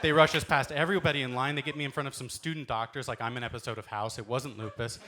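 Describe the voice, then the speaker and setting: A male comedian in his thirties, from Los Angeles, spinning self-deprecating stories with theatrical flair. His voice sits at a middle pitch, picked up by a handheld stage mic, over a noisy live club recording. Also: steady tone, fast talker. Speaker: stand-up comedian. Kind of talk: stand-up storytelling.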